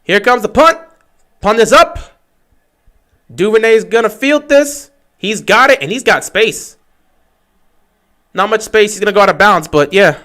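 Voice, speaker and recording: A man giving excitable fan play-by-play commentary on a livestream, talking straight to his team. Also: high voice, measured pace, long pauses.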